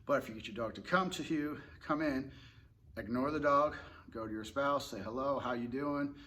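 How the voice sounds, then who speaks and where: A man who trains dogs, talking in a relaxed, rambling way and explaining tips casually with fillers and restarts. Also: mid-range voice, normal speed. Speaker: dog trainer. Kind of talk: casual instructional talk.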